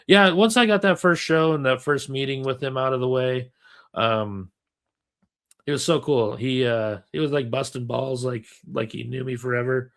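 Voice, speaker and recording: A man's voice: medium pitch, normal speed, creaky. Laid-back man telling a rambling story. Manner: relaxed, rambling with many fillers. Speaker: comedian. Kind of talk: casual storytelling chat. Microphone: remote call.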